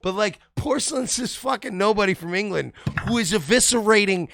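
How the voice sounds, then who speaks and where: A man hosting a casual comedic podcast chat, rambling and animated, often slipping into quoted voices. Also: high voice, a little fast, creaky, heavy background noise. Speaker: podcast host.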